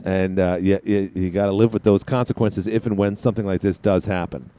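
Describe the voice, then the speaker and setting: A man's voice: low-pitched, fairly even intonation, fairly quick, dark tone, a little hiss or hum. An older man hosting a talk radio show, rambling and sarcastic, with many fillers and restarts. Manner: sarcastic, ranting. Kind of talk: casual political talk radio monologue.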